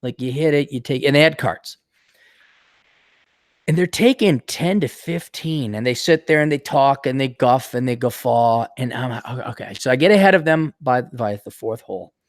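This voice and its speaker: A man hosting a casual podcast chat, ranting with lots of swearing and animated storytelling. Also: mid-range voice, moderate pace, no room sound, clean studio sound. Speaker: podcast host.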